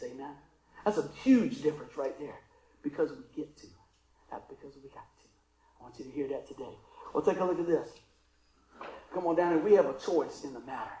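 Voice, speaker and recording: A man preaching a sermon as pastor, swinging between loud calls and hushed asides. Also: sits high, reverberant, poor audio. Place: church sanctuary.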